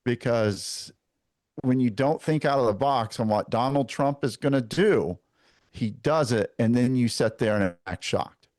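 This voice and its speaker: A man who hosts his own show, a guest here, talking politics in a measured, emphatic way. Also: mid-range voice, darkish tone, no room sound, studio quality. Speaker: guest, podcast host. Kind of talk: casual political chat.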